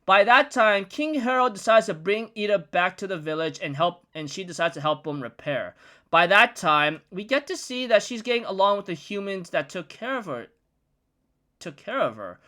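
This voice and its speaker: Chatty young man with a high voice. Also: animated, normal speed, pushed and bright. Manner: chatty, rambling storytelling with frequent "like". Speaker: manga recap vlogger. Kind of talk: casual chapter recap.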